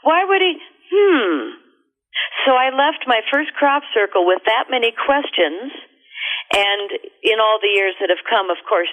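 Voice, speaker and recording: A middle-aged woman, a radio guest, telling a story in an animated, expressive way. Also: medium pitch. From America. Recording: tinny phone line.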